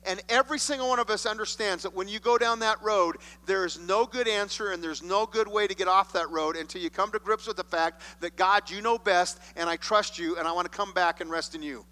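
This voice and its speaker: High bright-voiced man preaching in a hall. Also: a little fast, hardly any pauses. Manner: expressive preaching, acting out quoted voices. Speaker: pastor. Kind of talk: sermon. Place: church sanctuary. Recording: long hall reverb.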